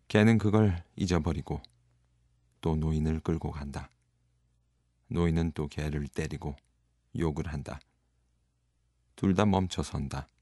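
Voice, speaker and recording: Male audiobook narrator: very low voice, dry, rapid delivery. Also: darkish tone, no room sound. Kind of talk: audiobook reading.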